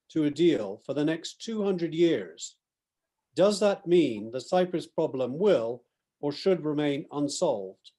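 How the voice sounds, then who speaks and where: A man moderating a webinar panel over a video call, passing along questions from the audience. His voice is slightly higher than usual for a man and warm, with a soft, mellow tone. He speaks politely and sometimes trips over his words. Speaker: host and moderator.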